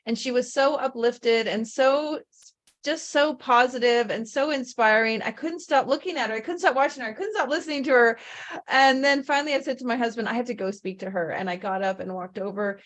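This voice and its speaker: A woman's voice: on the high side, a bit bright. Gushing enthusiastic woman host. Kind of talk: upbeat livestream hosting.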